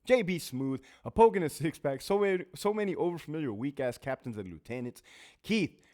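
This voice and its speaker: A man's voice: a little high, lively intonation, brisk, a little mellow. A man hosting a casual talk show, swearing freely as he tells stories and reads off viewer names. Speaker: host, former prison officer. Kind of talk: casual storytelling monologue.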